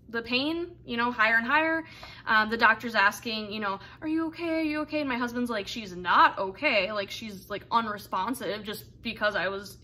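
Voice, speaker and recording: Young woman, bright clear voice, fairly high, casual rambling storytelling, lots of fillers. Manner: candid, rambling, many fillers and quoted asides. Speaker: vlogger telling her birth story.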